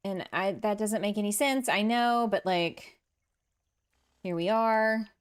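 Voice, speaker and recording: A woman's voice: mid-range voice, slow, clear, resonant tone. A woman streamer chatting casually with her viewers as she builds in a farming game, reading their comments aloud, laughing often and poking fun at herself. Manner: chatty, self-deprecating, laughs often, reads and answers chat aloud. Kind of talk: casual livestream chat while building. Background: soft game music.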